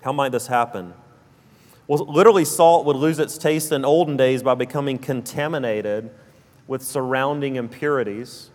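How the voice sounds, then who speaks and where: A man's voice: medium pitch, moderate pace, darkish tone. A man with a South Alabama accent preaching a sermon, earnest and repeating key phrases for emphasis. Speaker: pastor. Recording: long reverb of a church hall.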